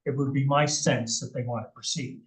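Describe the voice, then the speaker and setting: A man acting as planning consultant at a public meeting, speaking with careful, measured hedging. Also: mid-range voice, steady tone. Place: municipal meeting room. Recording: echoey room, voice far from mic.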